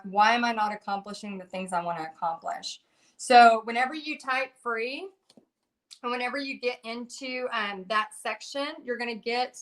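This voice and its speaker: A middle-aged woman chats casually on a livestream, her voice sitting a little high for a woman. She talks in an animated, rambling way, restarting sentences and filling gaps with "um" and "you know.". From Texas. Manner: chatty and animated, many fillers and restarts. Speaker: painting instructor on a Facebook Live.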